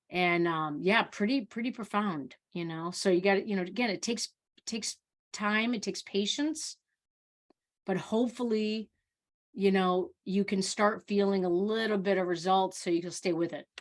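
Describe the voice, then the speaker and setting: Speaking in a mid-range voice, a woman who practices Oriental medicine runs a live video-call Q&A, chatting in an animated, casual way with frequent restarts and repeated words.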